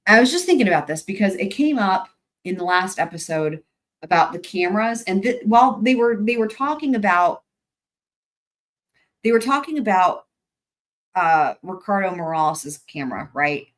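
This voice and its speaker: A woman's voice: mid-range voice, lively intonation, normal speed. A woman giving casual commentary while reading through case documents, thinking aloud with fillers and restarts and dropping wry, sarcastic asides. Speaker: true-crime commentator.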